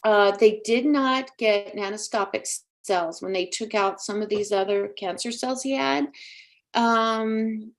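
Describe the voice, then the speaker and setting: A woman's voice: medium pitch, unhurried. A woman in her sixties hosting a live psychic talk show, chatty, emphatic and emotional. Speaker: psychic medium host.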